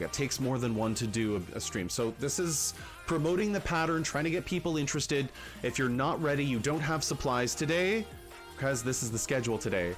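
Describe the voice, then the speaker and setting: A man hosting a casual livestream, talking to viewers in an animated, chatty way and slipping into rants. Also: mid-range voice. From Canada. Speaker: livestream host.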